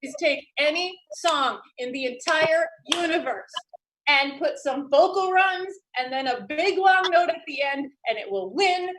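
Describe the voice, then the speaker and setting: A woman's voice: sits high, animated, a little slow, background noise. A young woman doing playful stand-up over a video call, laughing at her own jokes. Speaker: comedian.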